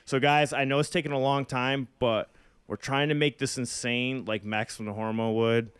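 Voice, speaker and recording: A man's voice: mid-range voice, steady tone, normal speed, fairly bright tone, smooth, no room sound. A young man co-hosting a podcast, rambling casually and swearing now and then. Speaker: podcast co-host and musician. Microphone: phone.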